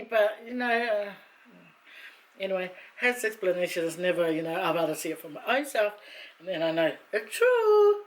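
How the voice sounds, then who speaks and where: Woman vlogger, teary, rambling and emotional, mid-pitched. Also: sing-song, moderate pace. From Samoa. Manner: chatty, rambling, self-mocking, emotional. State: teary after crying. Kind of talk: casual chat to camera.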